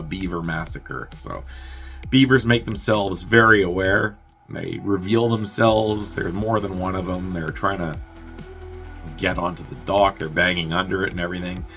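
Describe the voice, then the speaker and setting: A man with a somewhat low voice and a bright, forceful edge recaps a movie plot in casual, loose chat. He swears freely and leans on "like". He keeps breaking into quick acted-out lines for the characters. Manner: loose and chatty, full of "like" and swearing. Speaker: movie review host.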